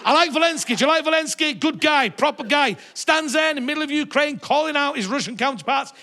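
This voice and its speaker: A middle-aged northern English stand-up comedian rambling through his set with sardonic, sweary banter. His voice sits high for a man and has a gravelly, fry-laden edge. The delivery is loose and conversational. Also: quick pace, pushed and bright. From northern England.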